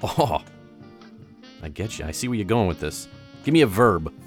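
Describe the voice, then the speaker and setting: Playful man with a lively voice. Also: fairly low pitch, normal speed, soft background music. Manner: playful, teasing, laughs often. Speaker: podcast co-host. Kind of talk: casual chat and mock-sultry reading.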